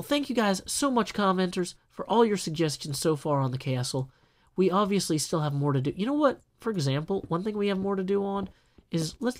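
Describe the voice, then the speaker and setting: A man casually talking through his building work in a video game, chatty and self-deprecating, with jokey asides. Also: on the high side. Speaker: gameplay video host. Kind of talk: casual solo gameplay commentary.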